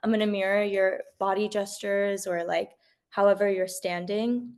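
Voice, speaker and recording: A woman's voice: mid-range voice, steady tone, normal speed, a little mellow. A woman taking part in a coaching session, explaining an answer simply and eagerly. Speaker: coaching participant.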